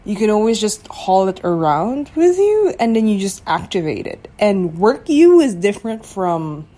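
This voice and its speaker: A young woman talks on her own podcast in a relaxed, unhurried way. Her voice is mellow and warm, in a middle register. She muses aloud, hunts for words and keeps asking whether the listener sees what she means. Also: mid-range voice. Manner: musing, searching for words, often asks if listener follows. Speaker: podcast host. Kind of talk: casual solo podcast talk.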